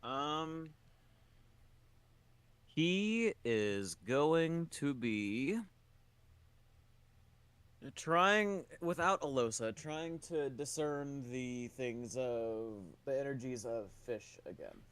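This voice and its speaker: A man at a voice-chat tabletop game describes what his character does in a laid-back, drawn-out way. His pitch moves around a lot. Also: lively intonation, a bit bright, clear, resonant tone, no echo. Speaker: player. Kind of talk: casual tabletop play over voice chat.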